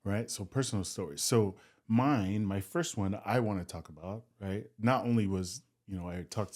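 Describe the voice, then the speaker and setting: A man's voice: deep voice, a little mellow. Hesitant man on a podcast. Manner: hesitant, repeats words, agreeable. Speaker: podcast co-host, former football player. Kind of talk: casual podcast chat. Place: studio.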